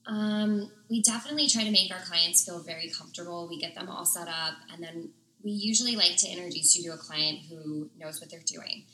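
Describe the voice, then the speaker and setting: Very bright-voiced woman explaining workouts. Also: fairly low pitch, fairly quick, few pauses. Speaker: fitness studio instructor. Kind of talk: casual interview answers. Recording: echoey room.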